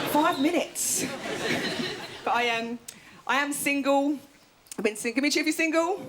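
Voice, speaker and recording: A woman's voice: high voice, brisk, over a noisy crowd, heavy background noise. A woman in her thirties doing a chatty, self-mocking stand-up comedy set on a TV studio stage. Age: 30s.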